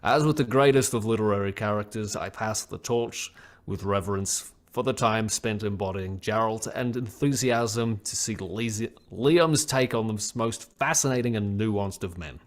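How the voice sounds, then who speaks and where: A man putting on a British accent in an impression of a famous actor, reading a statement slowly and solemnly. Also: fairly low pitch, pitched below the performer's own voice, natural voice. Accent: British, put on.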